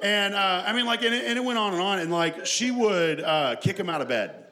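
A man's voice: high-pitched, expressive, a little fast, bright, forceful tone. A man telling a personal family story to an audience in a chatty, self-deprecating way, laughing often as he goes.

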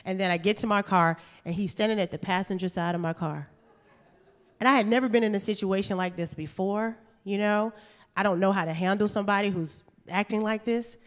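Animated woman telling a story on stage. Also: mid-range voice, fairly quick. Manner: animated, chatty, laughing through her lines. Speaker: storyteller and stand-up comedian. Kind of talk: live comedic storytelling. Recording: reverberant hall.

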